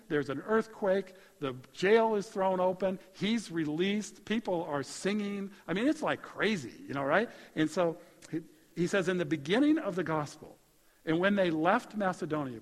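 A man preaches a sermon in a relaxed, conversational way that keeps lifting into animated emphasis. His voice sits a little high for a man. The sound carries a long reverb, as in a large hall. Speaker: pastor.

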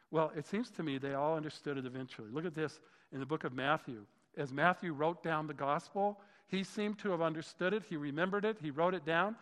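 A man's voice: a little high, a little fast, fairly bright tone. A man preaching a sermon as a pastor, enthusiastic and often exclaiming in wonder. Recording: long reverb of a large hall.

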